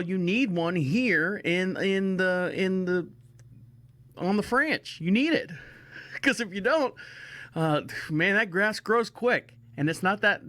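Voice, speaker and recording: A man's voice: sits high, a bit bright, no echo. A man hosting a podcast, telling a rambling casual story and often restarting his phrases. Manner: chatty, repeats himself, restarts phrases. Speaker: podcast host.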